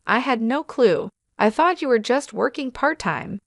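A woman's voice: on the high side, lively intonation, measured pace, no echo, studio quality. A woman voicing an angry, entitled adult son who snaps scornfully, in a story reading. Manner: snapping, scornful.

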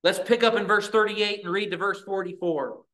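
A man preaching a sermon in a church, earnest, with dramatic pauses and voiced prayers. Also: sits high, pushed and bright. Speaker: pastor.

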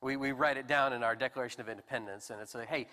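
Animated conversational preacher in a reverberant hall. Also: male voice, medium pitch, racing. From United States. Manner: conversational, self-deprecating, animated emphasis. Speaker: pastor. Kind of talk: sermon.

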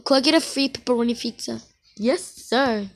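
A woman giving casual commentary while playing an online game, excitable and full of exclamations. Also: on the high side, moderate pace. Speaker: gamer.

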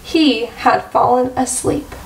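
A woman, a first grade teacher, reading a picture book aloud slowly and clearly for children. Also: sits high, noisy background. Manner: slow, clear storytelling for children. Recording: echoey room, far-off mic.

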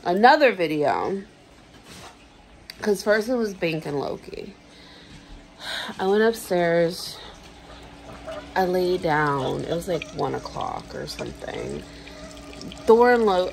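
A woman's voice: on the low side, sing-song, takes it slowly, vocal fry, pauses often, a little mellow, slight background noise, low-quality recording. A young adult woman telling a frustrated, swear-filled story to her camera in a casual vlog. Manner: ranting, swears freely, lots of fillers. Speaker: vlogger.

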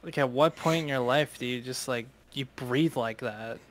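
A man's voice: mid-range voice, moderate pace, crowd noise. A young man chatting on a voice call, telling a story with laughs and swearing, acting out what others said. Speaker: gaming streamer on a voice call. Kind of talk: casual storytelling chat. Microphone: headset or desk mic on a voice call.

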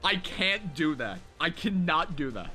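A young man with a high voice streams a mobile shooter live, talking through his headset to his viewers. He gets excitable and says the same short phrases again and again. Faint game music plays underneath. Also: measured pace. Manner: excitable, repeats phrases over and over. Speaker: livestream gamer host. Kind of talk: casual live game commentary.

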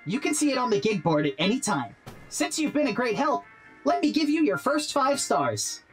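Chipper robot gig worker. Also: female voice, a little high, sing-song, moderate pace, faint music behind. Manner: chipper, eager. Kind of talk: game character dialogue.

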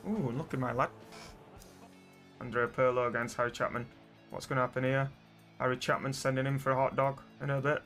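A young man commentating his own football video game match, muttering to his players and then yelling at them. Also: medium pitch, little pitch movement, fairly quick, pauses often, faint music behind. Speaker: gaming streamer. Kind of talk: excitable gameplay commentary.

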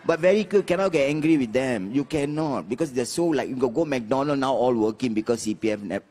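A man in his fifties with a Singaporean English accent, doing chatty, mock-exasperated stand-up comedy and jumping into shrill voices for the characters he acts out. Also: animated, fairly quick, darkish tone, a little hiss or hum. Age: 50s.

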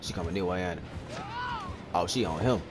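A young man giving live gameplay commentary, excitable and trash-talking, repeating phrases quickly as he plays. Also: deep voice, music in the background. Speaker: gaming video creator. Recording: steady clear background noise.

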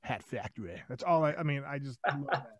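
A man co-hosting a podcast interview, gushing like an excited fan and rambling through his stories. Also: on the high side, fast talker, lo-fi sound, crowd noise. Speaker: podcast co-host.

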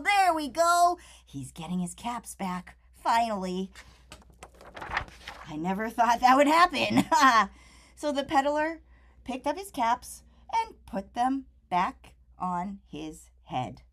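A woman reads a picture book aloud to young children. Her high, lively voice swoops widely and takes its time. She is playful and animated, drawing the kids in with questions. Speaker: storyteller.

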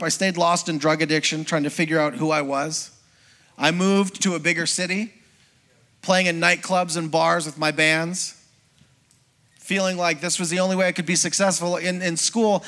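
A middle-aged man, a pastor, preaching a sermon as a lively personal testimony and acting out the voices of people in his story. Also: high voice, normal speed. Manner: storytelling, acts out quoted voices, conversational with congregation.

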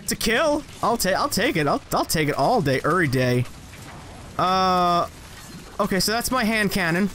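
A young man giving casual, rambling gameplay commentary, joking at himself and jumping into high excited yelps as he plays. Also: normal speed, slight background noise. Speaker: gaming channel host.

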